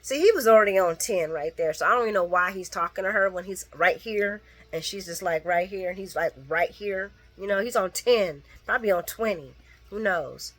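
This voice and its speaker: Woman soap recapper, chatty and animated, swears freely, talks to her fans. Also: medium pitch, brisk. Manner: animated, profane, talks to viewers; quoting characters mid-story. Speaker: soap opera recap vlogger. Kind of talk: casual recap chat.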